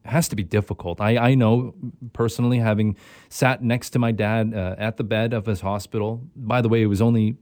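A man's voice: on the low side, fairly even intonation, a little fast, a little mellow, no echo, studio quality. A man hosting a radio show, interviewing a guest in a sympathetic way and repeating words as he goes. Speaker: radio host.

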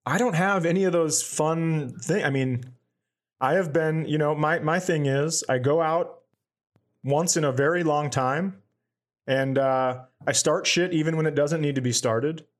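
A comedy podcast co-host, a man whose voice sits a little high, talks at an unhurried pace. He wanders through loose stories in casual conversation and performs the voices of the people he quotes.

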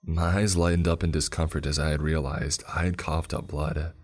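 Male narrator, very low voice, grim first-person horror tale, faint music underneath. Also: level tone, normal speed, few pauses.

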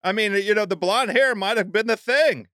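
A man hosts a casual podcast, rambling and cracking jokes between restarts. His voice is smooth and clear and sits a bit high. The sound is dry and close. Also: normal speed, bright, forceful tone, dry recording. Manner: rambling, joking, many restarts. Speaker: podcast host.

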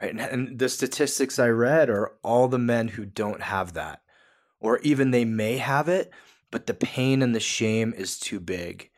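A man's voice: mid-range voice, a little slow. A man, a podcast guest, talking earnestly and emphatically in a coaching tone. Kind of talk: podcast interview.

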